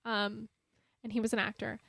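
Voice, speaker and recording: A woman cinematographer hosting a podcast, telling a story in a lively, chatty way in casual conversation. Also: a little high, moderate pace, creaky, dry recording. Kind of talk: casual chat.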